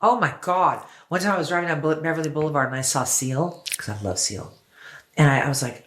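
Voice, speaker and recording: A woman's voice: deep voice, a little fast. A woman singer as an interview guest, chatting casually and telling stories effusively, with some swearing. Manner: effusive storyteller, swears freely.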